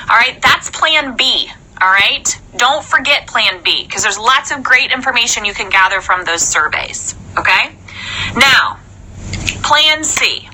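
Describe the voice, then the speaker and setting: A young woman in a chatty, animated live-stream coaching talk, often checking in with "okay?". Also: on the high side, normal speed, a little hiss or hum, rough recording. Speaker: sales trainer.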